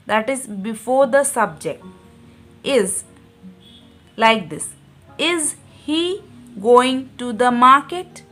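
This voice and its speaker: Woman teacher for a grammar lesson, slightly high, unhurried, patient and repetitive. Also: fairly bright tone. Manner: patient, repeats each point, addresses viewers as dear friends. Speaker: English teacher.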